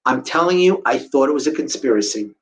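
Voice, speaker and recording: A man's voice: medium pitch, animated, fairly quick, poor audio. A middle-aged man giving a live storytelling talk to an audience, acting out the voices of the people in his story. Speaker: guest speaker telling a survivor story.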